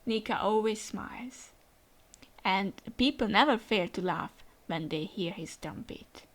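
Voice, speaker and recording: A woman reading out the lines of a gentle grieving father comforting his son from a comic. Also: medium pitch, lively intonation, a little slow. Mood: tender.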